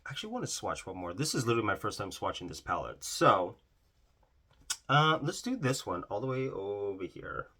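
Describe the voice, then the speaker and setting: A man's voice: lowish voice, big pitch swings, a little fast, sharp tone, slightly rough. A man casually swatching eyeshadows in a vlog, gushing over the colors, exclaiming often and trailing off mid-sentence. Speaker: beauty vlogger.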